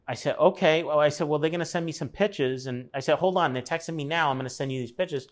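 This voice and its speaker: A man's voice: on the high side, quick pace, few pauses. Man telling a story, acting out voices. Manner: acts out quoted voices, swears casually. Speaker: guest telling a personal story. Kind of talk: casual storytelling.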